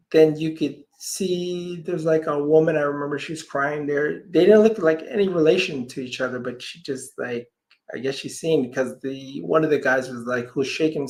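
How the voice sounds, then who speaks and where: A man, a healer guest on an interview show, telling a long personal story and acting out the voices of the people in it, sometimes dropping almost to a whisper. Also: fairly high pitch. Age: adult parent. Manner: animated storyteller, acts out quoted voices, drops to near whispers.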